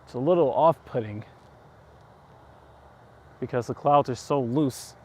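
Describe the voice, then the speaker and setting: A man's voice: mid-range voice, measured pace. A man with a slight New York accent, hosting a casual walk-and-talk livestream outdoors at night, rambling and chuckling as he goes. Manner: rambling, chatty, chuckling asides. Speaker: livestream host. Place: outdoors on town streets at night.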